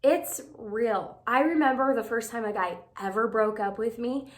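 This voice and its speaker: Chatty young woman, higher voice. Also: normal speed. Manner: chatty, lots of "like" fillers, acts out quoted texts. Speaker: advice vlogger. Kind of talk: casual talk to camera.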